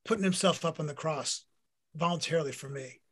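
A middle-aged man, a former pro football player, telling a personal faith story in an interview with earnest, animated delivery. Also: on the high side, brisk, slightly rough. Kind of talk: personal faith testimony in conversation.

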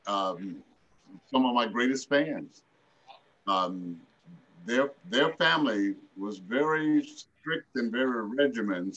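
A man in his seventies, a guest telling a relaxed anecdote in an interview. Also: on the low side, lo-fi sound. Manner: relaxed anecdotal telling with lively quoted voices. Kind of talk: storytelling in an interview.

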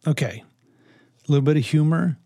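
A man giving parenting advice in a reflective, earnest talk, unhurried and touched with dry humor. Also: on the high side, gravelly, mellow, no room sound. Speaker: parenting speaker.

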